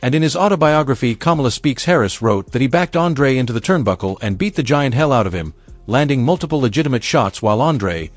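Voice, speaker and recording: A man's voice: mid-range voice, animated, brisk, no room sound. Dramatic male documentary narrator. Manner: dramatic, building suspense. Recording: dry voice-over over music.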